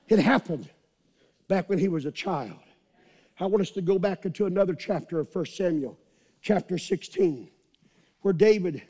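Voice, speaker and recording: A middle-aged male pastor preaching a sermon, fiery, with repeated shouted refrains. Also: sits high.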